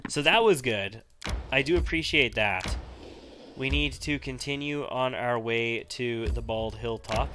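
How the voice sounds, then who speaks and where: A man's voice: medium pitch, unhurried, bright, forceful tone, a little hiss or hum. Man chatting over a video game. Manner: chatty, thinking aloud while playing. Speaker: let's-play host. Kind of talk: casual gameplay commentary.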